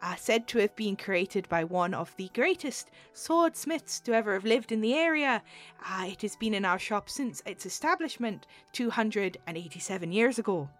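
A woman's voice: medium pitch, lively intonation, normal speed, faint music behind, natural voice. A woman voicing a cheery female half-tiefling, half-goblin shopkeeper with an Irish accent and a salesy patter. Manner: chirpy shop-counter salesy patter.

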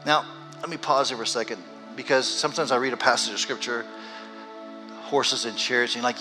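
A man preaching a sermon as pastor, swinging between loud emphasis and hushed, earnest stretches. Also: medium pitch, fairly even intonation, a little fast, over music.

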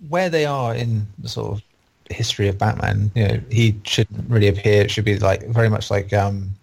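Brief: low, gravelly, husky male reviewer, opinionated and rambling in casual podcast chat. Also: normal speed, a little mellow.

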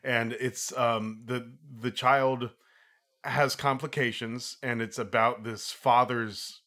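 A man's voice: medium pitch, slow. A man co-hosting a film review podcast, talking casually and laughing easily. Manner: laughs easily, goofy and lively. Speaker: podcast co-host.

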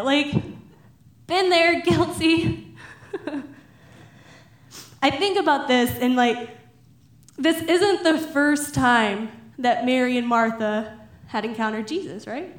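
Chatty high-voiced woman preaching. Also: takes it slowly, pauses often, reverberant. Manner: chatty, laughing, acts out Bible figures in animated voices. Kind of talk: casual sermon.

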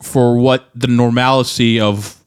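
A man's voice: medium pitch, fairly even intonation, slow, clear, resonant tone, dry recording, studio quality. A young man talking candidly on a podcast, rambling with lots of fillers and restarts. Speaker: podcast co-host, musician. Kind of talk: candid casual chat.

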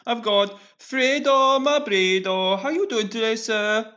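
A man's voice: high-pitched, voice pushed up, exaggerated voice. A man putting on a goofy, over-hyped podcast host voice in a mock foreign accent for a comedic intro. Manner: exaggerated, loud, drawn-out hype.

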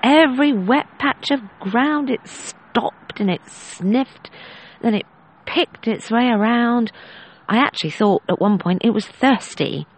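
A woman's voice: a little high, expressive, slow pace, low-quality recording. A woman hosting a podcast, reading a listener's story and telling her own anecdotes. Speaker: podcast host.

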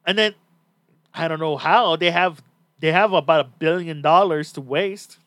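A man's voice: on the high side, normal speed, a bit bright, no echo. A man hosting a podcast in casual chat, talking bluntly and swearing freely. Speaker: podcast host.

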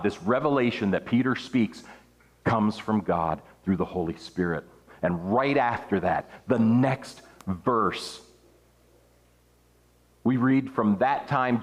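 A man preaching an earnest sermon, his pitch rising and falling for emphasis as he reads and explains scripture.

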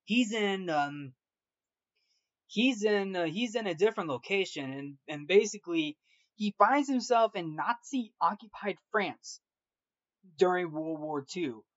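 A man's voice: sits high, animated, measured pace, a bit bright, dry recording. A man talks through a film's plot in loose, chatty fashion, circling back on his words and leaning on fillers. The sound is dull and a little lo-fi, with a dry, close feel and no room around it. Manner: rambling, with many restarts and repeated "like". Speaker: movie review show host. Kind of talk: casual film recap.

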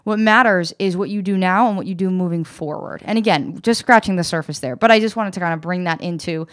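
A woman co-hosting a casual self-help podcast, talking earnestly and encouragingly to listeners. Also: on the low side. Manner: earnest, encouraging, retells scenes in quick voices. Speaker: podcast co-host.

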